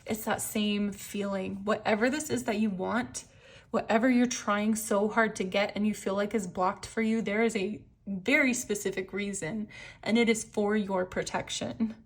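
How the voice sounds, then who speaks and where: A woman giving a casual tarot card reading, animated and excitable, laughing often. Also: mid-range voice, normal speed.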